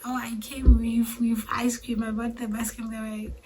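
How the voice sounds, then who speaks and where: A young woman chatting casually to her viewers as a vlogger, often dropping to a hushed near-whisper and repeating herself as she talks. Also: a little high, flat delivery, moderate pace, slight background noise, rough recording. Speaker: vlogger and mother of three. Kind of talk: casual chat to camera.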